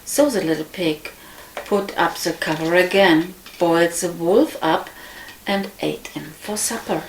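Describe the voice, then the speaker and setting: A woman reading a fairy tale aloud in an unhurried manner, with frequent slips and restarts. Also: lowish voice, slight background noise. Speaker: storyteller. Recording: echoey room.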